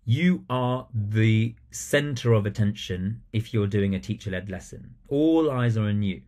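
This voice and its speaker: A man giving a recorded training talk to teachers, animated and acting out the phrases he would use in class. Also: on the low side, unhurried. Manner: animated, acts out classroom phrases with changing emphasis.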